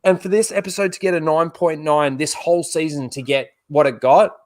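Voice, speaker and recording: A man with a slightly higher voice than most, chatting casually on a podcast. He talks emphatically and vents his frustrations, dropping the odd swear word. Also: steady tone, a little fast, darkish tone. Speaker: podcast co-host. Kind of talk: casual chat.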